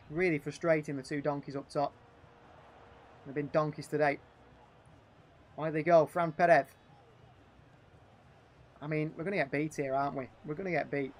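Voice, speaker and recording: A man's voice: on the high side, moderate pace, pauses often. A man hosting a live gaming stream, calling the action of a football management game and voicing his frustration as he plays. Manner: animated, frustrated, thinking aloud between match calls. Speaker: gaming livestream host.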